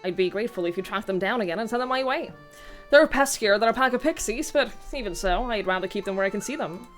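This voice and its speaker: A woman reading a brisk game character. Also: medium pitch, expressive, soft background music, close to an everyday voice. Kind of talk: reading game dialogue aloud.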